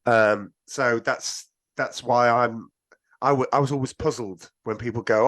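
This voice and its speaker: A man talking casually about a film on a podcast, rambling with restarts and lively asides. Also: medium pitch, moderate pace. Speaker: podcast guest.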